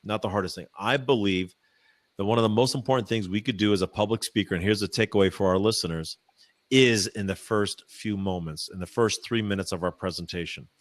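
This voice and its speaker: A man, a professional speaker, answering interview questions in a chatty, animated way with many fillers and restarts, using a practiced voice dropped low from the diaphragm. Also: fairly quick, dry recording. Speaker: professional speaker, podcast guest. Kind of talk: casual interview answers, storytelling. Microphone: microphone.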